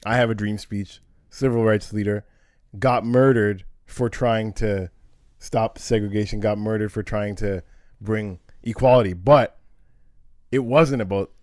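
A man co-hosting a casual podcast chat, walking through history in a relaxed conversational way. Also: fairly low pitch, measured pace, no echo, studio quality. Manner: explains history conversationally, with restarts and fillers. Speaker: co-host.

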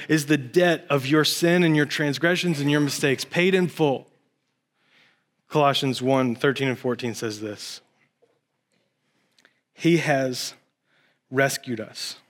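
A man in his thirties preaching a sermon in a church, moving from low earnest passages to excited, high-pitched bursts. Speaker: pastor.

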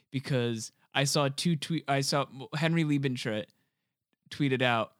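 A young man chatting casually about a movie, animated and joking, swearing freely. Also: mid-range voice, clean tone, dry recording, studio quality. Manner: animated, swears freely, quick jokey asides.

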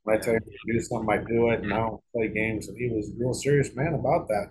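A man's voice: on the low side, fairly even intonation, quick pace, a little mellow, slightly rough, rough recording. A middle-aged man telling a long story in a casual interview, rambling and profane, with frequent restarts and repeated words. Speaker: guest author.

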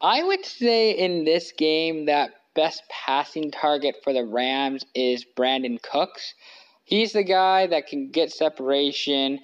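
A podcast host with a slightly high voice talks sports casually from his living room couch, rambling, revising what he says and using lots of fillers, all in dull-sounding audio.

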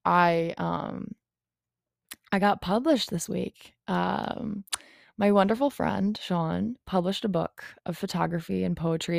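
A woman's voice: on the low side, gravelly, clean tone, dry recording, clean studio sound. A young woman hosting a solo podcast, talking frankly and confessionally in a rambling way and swearing freely. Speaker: podcast host. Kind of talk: candid solo podcast monologue.

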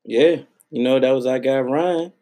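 A man co-hosting a casual sports podcast, animated and slangy, repeating himself for emphasis. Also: mid-range voice, measured pace. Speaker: podcast co-host.

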